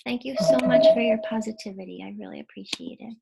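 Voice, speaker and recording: A woman's voice: fairly high pitch, steady tone, quick pace, creaky, very noisy. A woman teacher presenting a live webinar in a casual, bubbly way, thanking viewers and muttering to herself while she fixes tech trouble on a computer mic.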